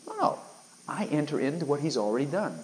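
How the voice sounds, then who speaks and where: A man's voice: a little high, very animated, a little fast, low-quality recording. A man preaching a sermon, emphatic and full of rhetorical questions aimed at his listeners.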